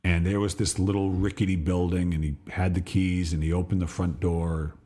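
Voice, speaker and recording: A middle-aged man and podcast host telling a reflective personal story, slowing on details and restarting phrases. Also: low-pitched, level tone, dark tone. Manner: reflective, pauses and restarts, slows on vivid details.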